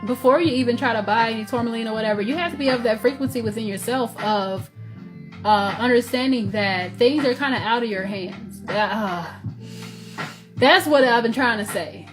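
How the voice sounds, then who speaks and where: Southern woman, slightly high voice, casual tarot reader, rambling with fillers, music under the voice. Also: normal speed. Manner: loose, conversational, many fillers and restarts.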